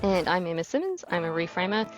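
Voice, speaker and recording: A woman with a New Zealand accent co-hosting a podcast in casual chat, bubbly and quick to laugh. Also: on the low side, very animated, over music, low-quality recording. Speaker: podcast co-host and life coach.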